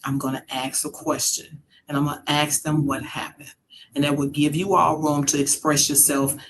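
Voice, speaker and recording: A woman's voice: deep voice, little pitch movement, normal speed, background noise. A middle-aged mother telling a personal story in a casual conversation, earnest and reflective. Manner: earnest, reflective, acts out quoted voices. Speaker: mother sharing her story.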